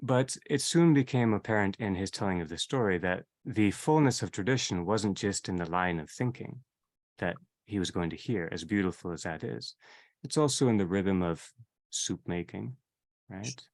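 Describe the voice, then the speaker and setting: A man leading a theology seminar in a reflective, unhurried way, often repeating and rephrasing his phrases as he teaches. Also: low voice, lively intonation, darkish tone. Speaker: seminar leader.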